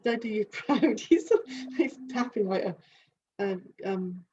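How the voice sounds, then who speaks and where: A woman gives an animal communication reading, feeling her way through each image in halting, searching phrases full of restarts. Her voice is mid-pitched, and the recording is dull and lo-fi with a faint hiss behind it. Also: dark tone. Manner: halting, searching, thinking aloud. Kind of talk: live reading session.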